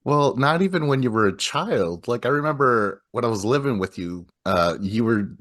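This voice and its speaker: A man's voice: medium pitch, animated, normal speed, fairly bright tone. A man hosting a casual movie podcast, rambling and laughing often as he trails off. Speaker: podcast host. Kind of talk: casual chat about movies.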